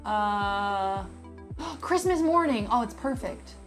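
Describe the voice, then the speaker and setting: A woman's voice: medium pitch, lively intonation, slow, faint music behind. A young woman streaming live, chatting casually and playfully with her viewers and thanking them by name.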